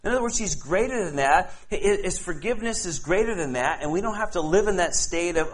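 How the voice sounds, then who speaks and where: A man's voice: high-pitched, lively intonation, a little fast, hardly any pauses. A man preaching a sermon and reading scripture aloud in an earnest way, often stumbling over his words and restarting. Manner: earnest, frequent stammered restarts. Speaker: pastor.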